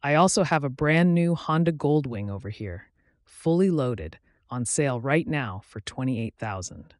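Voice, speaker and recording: A man reading the part of a friendly, talkative older motorcycle salesman in a story, with an easy sales-pitch manner. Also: lively intonation, unhurried, no echo, studio quality, close to an everyday voice. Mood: chatty.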